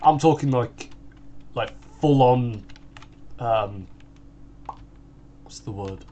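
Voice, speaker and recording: Muffled audio captures a medium-pitched, warm voice speaking extremely slowly. The speaker is a British sixteen-year-old gaming channel host who rambles casually during play, filling his talk with "like" and restarts.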